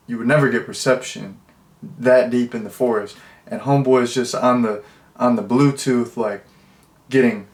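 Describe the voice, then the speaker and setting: Male movie reviewer, mid-pitched, casual and rambling, filler-heavy with deadpan humor. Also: reverberant.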